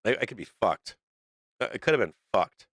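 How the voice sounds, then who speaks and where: Profane middle-aged male stream host, low and rambling, dry room. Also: big pitch swings, brisk, a bit bright, no echo. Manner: blunt, profane, rambling with restarts. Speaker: stock market show host. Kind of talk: casual livestream rant.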